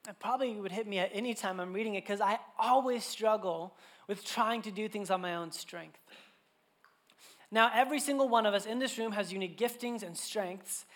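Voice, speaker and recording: Thirtysomething guy preaching in church, chatty and animated, tons of "like" and "um". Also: sits high. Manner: animated storytelling with lots of casual fillers. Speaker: pastor. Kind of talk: sermon. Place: church room with a congregation.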